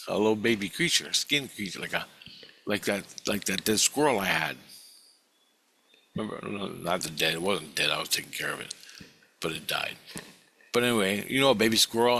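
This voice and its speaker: A man with a lowish, bright, forceful voice recounts a dream in a meandering, foul-mouthed ramble. He keeps restarting his sentences and swearing as he circles back over the details. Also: slight background noise. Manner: profane, meandering storytelling with many restarts.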